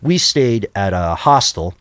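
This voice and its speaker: A middle-aged man telling a personal travel story on a podcast, lively and self-mocking, jumping high in pitch when he quotes people. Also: measured pace, clean tone, dry recording, studio quality. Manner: animated, jumps high for quoted voices. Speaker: podcast guest. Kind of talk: casual storytelling.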